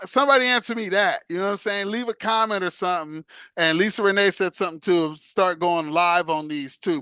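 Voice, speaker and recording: Bright slangy man hosting a casual show. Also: fairly high pitch, smooth, no echo. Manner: loose slangy talk, laughs, sings along. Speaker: host. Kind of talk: casual solo chat.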